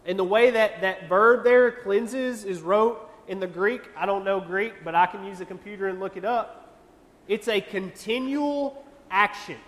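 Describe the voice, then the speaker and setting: A young man leads a youth sermon in a high, earnest voice. He talks to the room conversationally and presses his point with repeated questions. The sound carries a long reverb from a church hall. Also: normal speed, fairly bright tone. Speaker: youth pastor.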